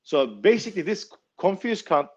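A knife maker telling a story casually, blunt and swearing freely. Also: male voice, sits high, sing-song, normal speed, a little mellow, slightly rough, highs cut off.

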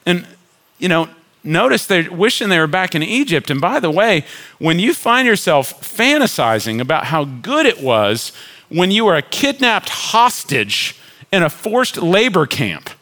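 Man, middle-aged pastor, sermon, bright voice, pitch swinging all over. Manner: animated preaching, acts out grumbling crowds in a raised voice.

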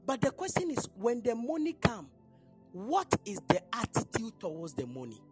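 A woman's voice: fairly high pitch, wildly swooping pitch, moderate pace, faint music behind. A woman preacher delivering a sermon in church, emphatic and questioning the congregation.

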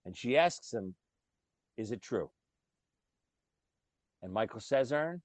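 A man co-hosting a podcast, talking about movies in a casual, animated storytelling way. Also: medium pitch, takes it slowly, pauses often, no room sound. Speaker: podcast co-host.

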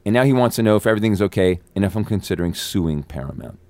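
A male actor, a guest on an interview show, telling a long anecdote in a profane, animated way. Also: on the low side, quick pace, no room sound.

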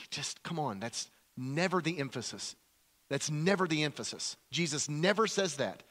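A male pastor preaching a sermon in an animated, repetitive way, acting out quotes as he goes. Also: fairly high pitch, moderate pace.

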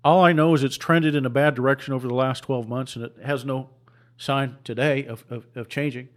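A man's voice: medium pitch, fairly even intonation, fairly quick. A man preaching with heated, repetitive rhetoric and rhetorical questions, often stumbling into restarts. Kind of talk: impassioned preaching commentary.

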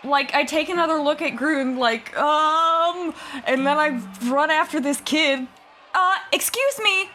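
High-voiced, slow-talking woman playing a tabletop game. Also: pushed and bright, slight background noise. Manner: hesitant, full of fillers and swearing, laughing. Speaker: player.

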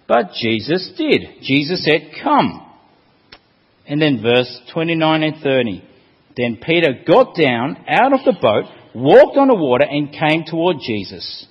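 A man preaching a sermon, expressive, asking rhetorical questions and quoting scripture with emphasis. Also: fairly high pitch, husky. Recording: long hall reverb, dull lo-fi sound.

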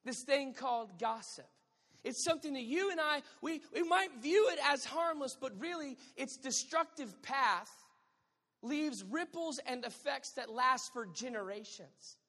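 A woman's voice: sits high, lively intonation, measured pace, a bit bright, big-room sound. A woman pastor preaching a sermon, emphatic and conversational with playful asides to the congregation.

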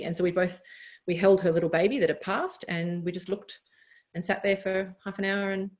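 A woman's voice: mid-range voice, moderate pace, darkish tone. An Australian woman in her thirties, a doctor and former athlete, talking candidly as a podcast guest with frequent laughs and restarts. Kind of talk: casual interview chat.

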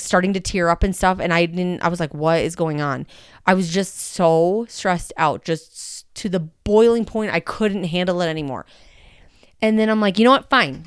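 A woman's voice: fairly low pitch, smooth, no echo, studio quality. A woman in young adulthood, hosting her own podcast and chatting candidly with lots of fillers. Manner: rambling and candid, many fillers. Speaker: podcast host. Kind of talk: casual personal podcast talk.

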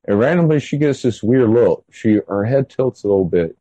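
A man's voice: medium pitch, animated, normal speed, dark tone, no room sound, poor audio. A man in his thirties telling his own story in an interview, rambling and full of fillers. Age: 30s. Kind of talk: casual first-person storytelling.

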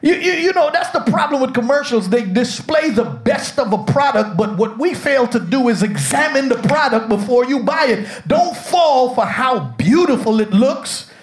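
A man's voice: very high voice, lively intonation, normal speed, few pauses. A man preaching a humorous sermon as pastor, telling jokes and calling on his congregation to answer back. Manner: call-and-response with congregation, jokey. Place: church sanctuary with congregation.

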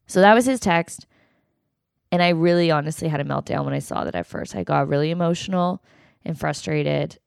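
Her voice is fairly low, creaky yet smooth, and she talks at a normal speed. On her podcast she delivers a solo rant, retelling a fight with emotion, exasperation and swearing, captured in a dry, clean studio recording.

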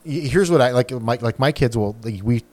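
A man's voice: mid-range voice, fairly quick, darkish tone, a little hiss or hum. Middle-aged man, mid-range voice, rambling casual co-host. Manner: rambling, filler-heavy, frank. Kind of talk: casual chat.

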